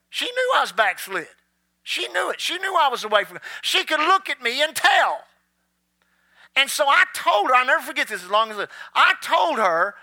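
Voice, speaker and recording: Very high, bright-voiced male preacher. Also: sing-song, dry recording. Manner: storytelling preacher, drags words out slowly for emphasis. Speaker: pastor. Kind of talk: sermon.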